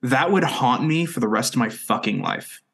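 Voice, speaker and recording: A man's voice: mid-range voice, expressive, moderate pace, a bit bright. Joking, profane young man. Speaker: podcast co-host. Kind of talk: casual chat and episode recap.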